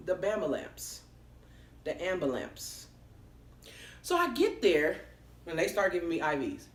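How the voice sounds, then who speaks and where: Animated woman telling a wild story. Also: lowish voice, a little slow, long pauses. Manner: animated, expressive, swears freely. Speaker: vlogger. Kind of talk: casual storytelling. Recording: roomy echoey room.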